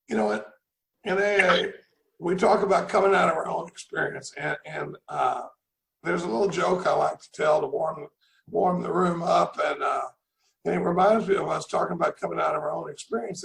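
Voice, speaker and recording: A middle-aged man tells his recovery story over a video call in a rambling, folksy way, repeating words as he goes. His voice is very gravelly and fairly high, and the room echoes. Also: fairly bright tone, slight background noise. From Dallas, Texas. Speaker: recovery meeting speaker. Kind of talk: personal recovery talk.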